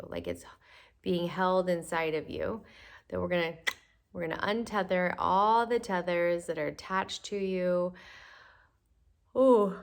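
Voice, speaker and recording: A woman leads a guided evening prayer, her low voice carrying a gravelly edge. She speaks slowly and soothingly, coaxing listeners along with gentle repetition and audible sighing breaths.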